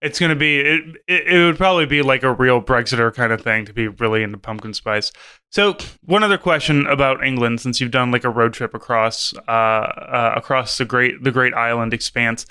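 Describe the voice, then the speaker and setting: A man's voice: medium pitch, fairly quick, bright, forceful tone, clear, resonant tone. A man from the American Midwest co-hosting a podcast, throwing teasing, skeptical questions in casual chat. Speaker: podcast co-host.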